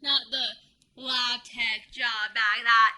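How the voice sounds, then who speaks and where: A woman's voice: a little high, fairly even intonation, very slow, bright, forceful tone, slight background noise. A woman co-hosting a book podcast, chiming in with short asides and jokes during a casual plot recap.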